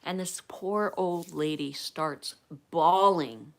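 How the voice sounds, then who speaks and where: A woman from Pennsylvania hosting a livestream, telling a personal story in a chatty, animated way and acting out the quotes. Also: fairly low pitch, slow pace. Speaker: livestream host.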